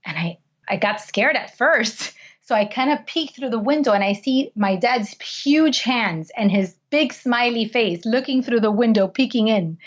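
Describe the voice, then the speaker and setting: Guesting on a podcast, a woman recounts personal stories in a sincere, heartfelt manner, restarting often as she goes. Her voice is on the high side, expressive and unhurried. The recording is lo-fi and slightly dull.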